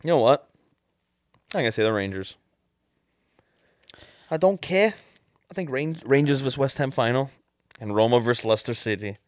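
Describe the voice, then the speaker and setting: A young man co-hosting a casual soccer podcast, talking in animated bursts with lots of restarts. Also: medium pitch, moderate pace, pauses often, no room sound, studio quality. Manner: animated, restarts often, says "man" a lot. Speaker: podcast co-host. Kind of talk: casual sports chat.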